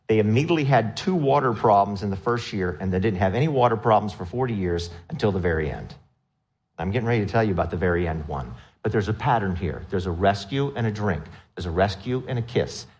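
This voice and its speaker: A man preaching a sermon, retelling a story with lively acted-out quotes and questions to the congregation. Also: medium pitch. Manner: animated storytelling, acts out quotes in raised voice. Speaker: pastor.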